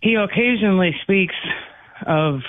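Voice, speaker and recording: A man's voice: high voice, animated, unhurried, no echo. A man calling in to a radio talk show, earnestly giving advice. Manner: earnest, advising. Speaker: caller. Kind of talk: call-in radio chat. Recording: dry phone line.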